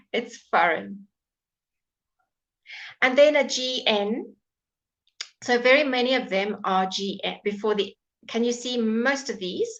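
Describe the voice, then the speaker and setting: A woman teaching a live online English pronunciation lesson from home, patient, repeating words slowly for learners to copy, with dry asides and soft laughs. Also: medium pitch, lo-fi sound.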